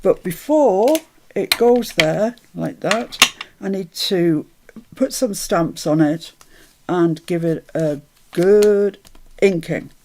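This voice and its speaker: A woman hosts a relaxed crafting livestream in a gravelly, creaky voice. She murmurs her steps half to herself, then lifts her voice brightly to greet viewers in the chat. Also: on the low side, slow, background noise. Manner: chatty, greets viewers brightly, mutters to herself while working. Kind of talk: casual live chat while crafting.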